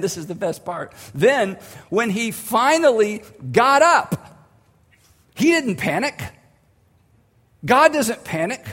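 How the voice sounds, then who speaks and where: A man preaching a vivid, conversational sermon with dramatic pauses, retelling a story for his congregation. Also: high voice. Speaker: pastor. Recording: long hall reverb.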